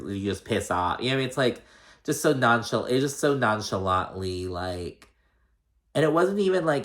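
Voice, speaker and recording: A man with a fairly low voice talks through a reality show recap in a loose, casual way. He swears freely and gives blunt opinions. He keeps slipping into exaggerated voices to act out what the cast members said. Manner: profane, opinionated, mimics quotes in exaggerated voices. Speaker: recap host.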